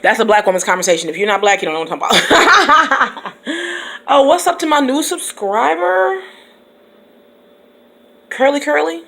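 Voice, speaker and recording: Chatty laughing woman with gravelly voice. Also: high-pitched, expressive, moderate pace, long pauses, pushed and bright. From Michigan, USA. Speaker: teacher and vlogger. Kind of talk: casual chat. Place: in her car.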